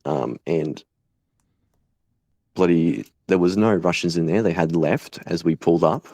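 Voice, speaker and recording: A young Australian man speaking bluntly in an interview, swearing freely and pausing often with fillers. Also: deep voice, dark tone, no room sound. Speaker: guest, volunteer fighter. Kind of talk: casual conversational interview.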